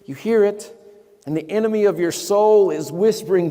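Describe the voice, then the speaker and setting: A man giving a live motivational sermon in a large event hall. He talks emphatically, asks the audience questions, and often drops to hushed tones. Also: high voice, normal speed. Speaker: motivational speaker. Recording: long hall reverb.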